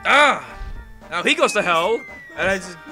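A man giving casual, rambling commentary while playing a game, excitable and swearing freely. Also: high voice, unhurried. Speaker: gameplay commentator. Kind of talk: casual let's-play commentary. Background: game music.

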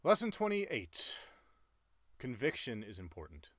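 A man in his late twenties talking earnestly and emphatically about life lessons, with sudden loud jumps in pitch. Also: huge pitch swings, a little slow, no room sound, clean studio sound. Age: late 20s. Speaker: cartoon channel creator. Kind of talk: personal life-lessons monologue.

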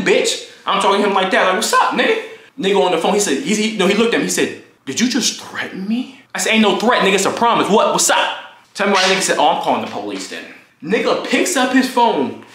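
A young man telling a storytime vlog story, animated and profane, acting out the quoted lines as he goes. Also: sits high. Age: young adult. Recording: echoey room.

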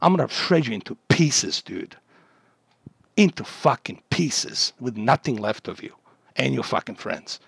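A man's voice: medium pitch, creaky, breathy edge, no room sound. A man from Bosnia, a livestreamer, delivering an aggressive, profane rant at a chat troll.

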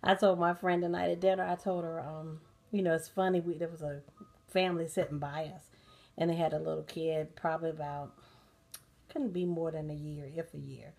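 A sleepy woman hosting a relaxed bedtime chat, talking casually with lots of fillers and laughs. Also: low-pitched, a little fast, gravelly. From United States. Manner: relaxed, chatty, laughing often, many fillers. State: sleepy and tired. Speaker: host of a bedtime talk channel. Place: dim bedroom at night, soundscapes playing.

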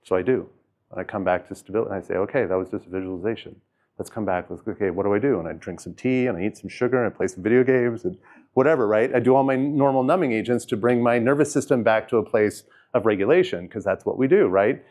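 A man's voice: on the low side, quick pace, darkish tone. Man in a casual self-help talk. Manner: conversational, rambling, many fillers and restarts. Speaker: host sharing personal experience.

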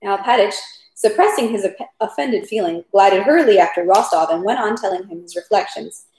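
A woman reads a long novel aloud at home at a steady pace, now and then tripping on a word. Her pitch sits in the middle range. The room gives her voice a roomy echo. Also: brisk. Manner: steady reading with occasional stumbles. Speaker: reader.

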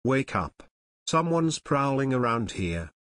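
A man's voice: medium pitch, very animated, slow pace, fairly bright tone, no room sound. A man reading an audiobook voices an eager teenage boy detective who speaks urgently and alertly.

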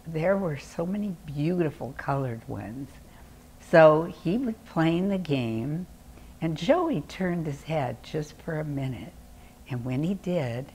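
An older woman telling a children's story in an expressive, animated way. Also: sits low, slight background noise.

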